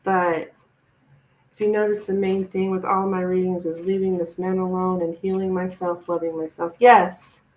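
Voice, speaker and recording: A woman's voice: on the low side, level tone, moderate pace, darkish tone, rough recording. Chatty woman tarot reader. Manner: chatty and reassuring, addresses viewer as hon. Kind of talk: live-stream reading, casual advice.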